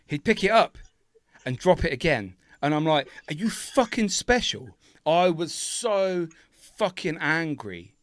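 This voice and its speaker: A man's voice: on the high side, a little slow, no echo, studio quality. Ranting man, podcast co-host. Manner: ranting, heavy swearing, animated outbursts. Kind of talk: casual chat.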